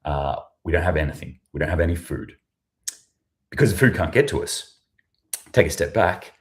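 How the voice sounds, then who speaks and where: A man's voice: very deep voice, expressive, normal speed. A man with an Australian accent, hosting a casual livestream from a hotel room, rambling and sarcastic and swearing freely. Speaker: prepping news show host.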